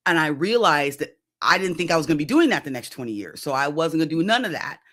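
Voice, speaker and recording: A woman in her fifties, a coach, telling her own story in an interview in a lively, conversational way and often checking in with "right?". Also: deep voice, quick pace. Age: 50s. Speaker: executive coach guest.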